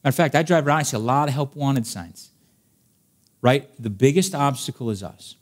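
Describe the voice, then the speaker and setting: A man's voice: mid-range voice, animated, fairly quick. Emphatic preaching man in church. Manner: emphatic preaching, direct address with rhetorical questions. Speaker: pastor. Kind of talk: sermon. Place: church service before a congregation.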